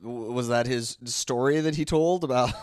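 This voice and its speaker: A man co-hosting a podcast in casual chat, rambling excitedly and restarting his thoughts. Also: medium pitch, moderate pace.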